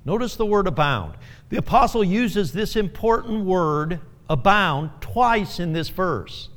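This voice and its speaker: High-pitched man preaching slowly. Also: expressive, fairly bright tone, big-room sound. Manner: earnest, repeats phrases, chuckles often. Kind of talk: sermon.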